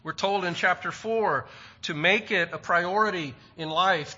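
A man's voice: high voice, steady tone, moderate pace, sharp tone. A man preaching a sermon with a plain, lightly humorous manner. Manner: plain-spoken and lightly humorous, quoting stock sayings. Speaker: pastor. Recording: dull lo-fi recording.

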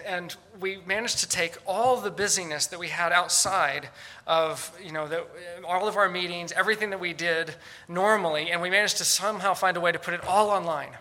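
A man preaching in an earnest, emphatic style. His voice sits high and sounds very bright and piercing. He often stops to ask the listeners rhetorical questions. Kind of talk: sermon.

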